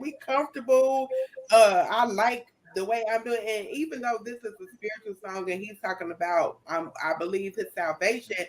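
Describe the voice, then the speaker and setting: A woman co-hosting a podcast, talking casually and reflectively about a favorite song's lyrics. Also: on the low side. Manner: reflective, chatty, many fillers. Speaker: co-host.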